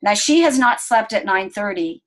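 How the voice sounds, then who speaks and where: A middle-aged woman telling an interviewer a personal family story in an earnest, gentle way, slowing down at the calm moments. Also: mid-range voice, low-quality recording. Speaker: interview guest.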